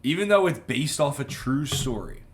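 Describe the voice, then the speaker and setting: A young man co-hosting a casual movie chat, relaxed, often trailing off quietly at the ends of his thoughts. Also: medium pitch, moderate pace. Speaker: podcast co-host.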